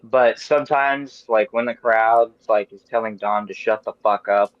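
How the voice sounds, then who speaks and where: Man in his thirties, podcast host, animated rambling rants with profanity. Dry, lo-fi sound. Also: fairly low pitch, normal speed, dry recording. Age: 30s. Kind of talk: casual chat.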